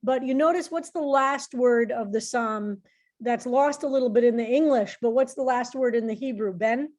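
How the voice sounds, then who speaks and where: High-voiced woman rabbi teaching. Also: normal speed, a little mellow. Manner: explanatory, restarts often. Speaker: rabbi teaching a psalm class. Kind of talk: informal teaching.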